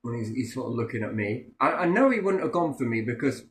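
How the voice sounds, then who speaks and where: A man's voice: medium pitch, expressive, quick pace. Blunt, sweary man in an echoey room. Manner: blunt, heavy swearing, acts out quoted voices. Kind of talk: casual storytelling chat.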